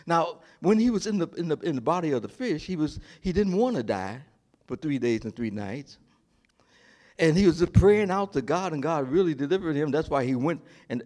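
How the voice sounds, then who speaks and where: A male pastor delivering a sermon with a swooping, expressive voice that sits a little high for a man. He keeps the congregation involved with call-and-response questions. He acts out the characters of the story in dramatic voices. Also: moderate pace.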